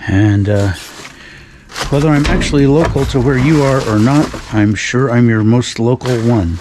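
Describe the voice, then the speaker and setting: A man with an ordinary mid-range voice talks his way through a night outdoors, rambling with dry sarcasm and the occasional sigh. The outdoor recording carries a clear layer of background noise, with cans and trash rustling close by. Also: medium pitch, moderate pace. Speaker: dumpster-diving vlogger. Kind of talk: casual night vlog narration.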